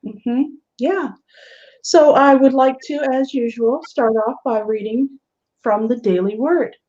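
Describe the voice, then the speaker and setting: A woman's voice: a little high, measured pace, mellow. A woman hosting a live online show, chatting casually and laughing often. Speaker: host. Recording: dull lo-fi web stream audio.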